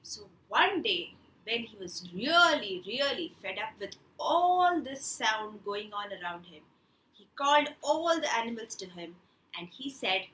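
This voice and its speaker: A woman telling a children's story and leading a craft class, in an animated, playful way, putting on animal sounds. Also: on the high side, measured pace, slight background noise. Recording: echoey room.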